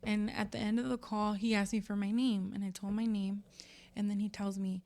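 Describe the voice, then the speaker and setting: Young woman, casual podcast co-host, candid and emotional, drops Spanish words and curses, mid-pitched voice. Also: flat delivery, a little fast, gravelly, dark tone. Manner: candid, emotional storytelling, swears freely; mixes Spanish words into English. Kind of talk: casual chat.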